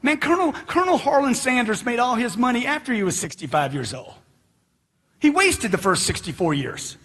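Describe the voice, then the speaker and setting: A middle-aged man giving a forceful, preachy motivational seminar talk, firing questions at the crowd. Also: extremely high pitch, big pitch swings, a little fast, breathy edge. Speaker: motivational speaker.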